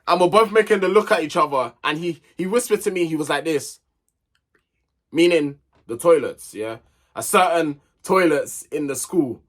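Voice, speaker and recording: A man's voice: on the high side, moderate pace, fairly bright tone. A young man telling a personal story in a chatty, digressive, slang-filled way. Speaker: vlogger. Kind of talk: casual storytime chat.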